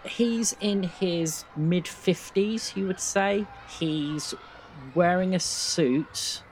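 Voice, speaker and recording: A man's voice: high-pitched, drawn-out words, slight background noise. British man narrating as game master.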